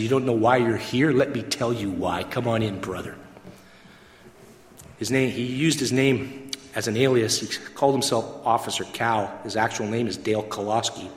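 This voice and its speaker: A man giving an emotional testimony to an audience, acting out the dialogue as a dramatic storyteller. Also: medium pitch. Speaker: gospel mission worker giving testimony. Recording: echoey hall with long reverb.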